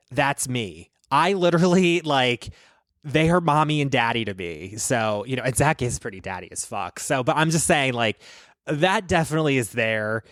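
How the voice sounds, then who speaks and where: A man's voice: mid-range voice, fairly bright tone, no echo. Male vlog host, chatty and profane, rambling gossip, dry close sound. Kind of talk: casual reaction chat.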